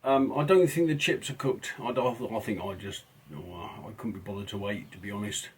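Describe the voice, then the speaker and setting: A man's voice: on the low side, a little fast, breathy edge. Chatty rambling male vlogger. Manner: rambling, chatty, with self-deprecating asides. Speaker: narrowboat vlogger. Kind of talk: casual vlog narration.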